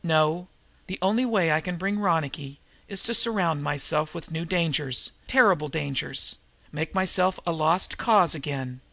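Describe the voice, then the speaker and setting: A man's voice: fairly high pitch, normal speed, vocal fry, pushed and bright. A man voicing a young woman who speaks earnestly and steadily through her sadness. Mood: wistful. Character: Ruth, young woman, sad yet steady.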